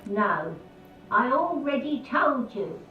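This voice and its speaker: An actress voicing a gruff elderly woman who bluntly refuses to let strangers in. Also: on the high side, very animated, slow pace, reverberant, distant mic, dull audio, faint music behind. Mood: stern. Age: older. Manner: blunt, scolding, dismissive.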